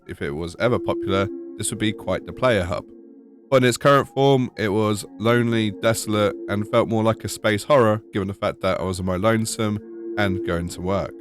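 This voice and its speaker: Wry low-voiced British man. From United Kingdom. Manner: wry, sarcastic. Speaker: gaming YouTuber. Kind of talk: scripted gaming voice-over. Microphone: voice-over.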